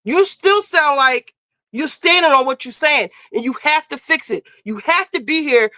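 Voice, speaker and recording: Blunt, high-pitched woman streamer scolding. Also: expressive, normal speed, bright, forceful tone, no echo. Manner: blunt, profane, lecturing; emphatic, scolding. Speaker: streamer host. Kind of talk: casual commentary.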